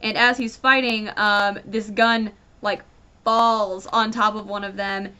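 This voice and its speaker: Bright-voiced ranting woman reviewer. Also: medium pitch, slow pace, clear, resonant tone. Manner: animated, rambling, lots of fillers. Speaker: comic book reviewer.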